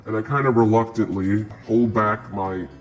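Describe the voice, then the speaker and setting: Man, tabletop player, crude and sarcastic, low voice. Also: steady tone, moderate pace, soft background music. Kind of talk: casual tabletop play.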